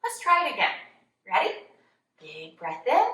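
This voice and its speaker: A young kids' yoga teacher leads a children's class in a cheerful, encouraging sing-song. Her high, bright voice swoops wildly in pitch, forceful yet unhurried. She sounds somewhat distant, in a very echoey room.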